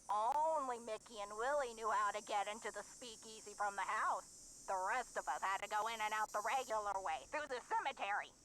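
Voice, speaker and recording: An actress playing a brash, sharp-tongued old woman who once ran with flappers, teasing and quick with comebacks in a mystery video game. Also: mid-range voice, expressive, slight background noise, close to an everyday voice, low-quality recording. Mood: nostalgic. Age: older.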